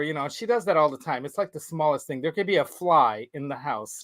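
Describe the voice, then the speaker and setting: A man hosting a casual show, telling a story in a rambling, animated way with laughs. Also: on the high side, fairly quick, hardly any pauses, dry recording, rough recording. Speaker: show host. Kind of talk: casual chat.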